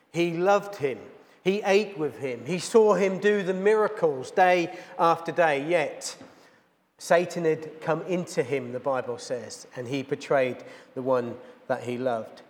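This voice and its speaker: A man's voice: fairly high pitch, unhurried, long reverb tail. A man, a pastor giving an earnest sermon, telling a plain-spoken story to his congregation. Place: church.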